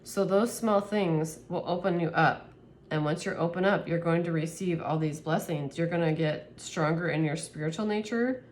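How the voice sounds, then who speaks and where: A woman's voice: fairly low pitch, normal speed, darkish tone, a little hiss or hum. A woman giving a spiritual tarot reading to camera, earnest and emotional, laughing often and rambling with restarts. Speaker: tarot reader.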